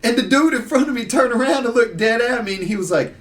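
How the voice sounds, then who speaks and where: A man, a podcast guest telling stories in casual chat, animated and acting out the people he quotes. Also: very high voice, fast talker, far from the mic, a little hiss or hum. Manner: animated, laughing storyteller who acts out voices. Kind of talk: casual storytelling.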